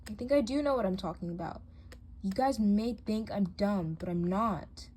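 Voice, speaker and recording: A woman's voice: medium pitch, normal speed, darkish tone, breathy edge, natural voice. Woman voicing a hurt, stammering teen girl. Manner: stammering, defensive. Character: hurt, hesitant teen girl in doll drama. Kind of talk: doll drama voice acting.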